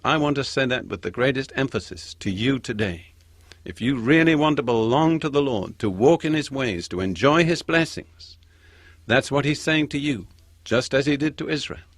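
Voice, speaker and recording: A man preaching a sermon, reading scripture slowly and with emphasis. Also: mid-range voice, expressive, no room sound.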